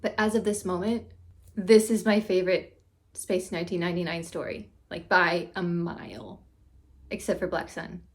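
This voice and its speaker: A woman's voice: fairly low pitch, normal speed. Gushing woman reviewing a show. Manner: gushing, effusive, excitable. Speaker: reaction video host. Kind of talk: casual reaction and review.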